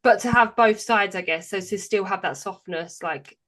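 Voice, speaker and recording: A woman's voice: medium pitch, moderate pace, fairly bright tone. A woman, a mother, hosting a podcast and asking reflective questions while thinking aloud. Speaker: podcast host. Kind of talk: interview questions.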